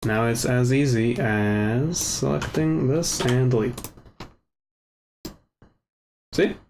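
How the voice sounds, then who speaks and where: Man muttering through a casual software tutorial. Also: mid-range voice, takes it slowly, background noise. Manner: relaxed, self-mocking, mutters to himself while working. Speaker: tutorial host. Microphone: desk microphone with gain set too high. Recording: overdriven mic with faint keyboard clicks.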